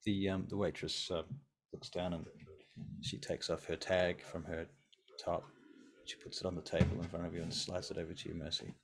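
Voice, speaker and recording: A man running a tabletop game with a very low, gravelly voice. He narrates in a relaxed, easygoing way with plenty of pauses and fillers. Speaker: game master.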